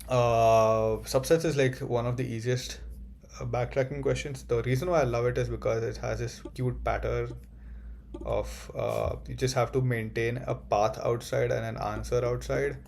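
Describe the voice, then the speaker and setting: A young man delivers a comedic monologue as a job-hunting student, swearing often and rambling excitably with sudden outbursts. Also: medium pitch, moderate pace, vocal fry, slight background noise.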